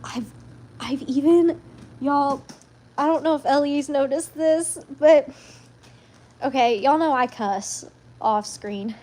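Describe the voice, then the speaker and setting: A woman hosts a casual live stream. She talks in a high voice and rambles from one thing to the next. She throws in sassy asides. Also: slow, long pauses, a little mellow.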